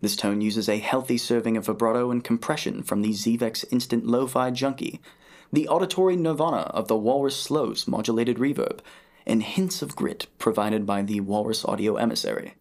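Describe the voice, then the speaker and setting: A man's voice: medium pitch, normal speed, darkish tone, natural voice. Pompous British fine-dining server, a man doing a mock British accent, flowery menu-style delivery, grand and showy. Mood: grandiose. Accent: put-on British.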